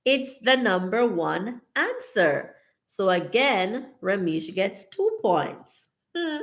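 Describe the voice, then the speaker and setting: Woman, live-stream game host, playful and laughing, slow unhurried delivery. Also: medium pitch, sing-song, a bit bright. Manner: laughs often, playful, switches into Patois. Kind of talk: casual live-stream chat, reading viewer comments aloud.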